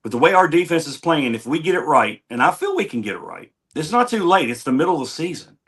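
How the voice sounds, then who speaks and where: A man's voice: on the high side, big pitch swings, fast talker, a bit bright, husky. A man on a sports talk show giving an earnest, conversational fan's opinion about his team.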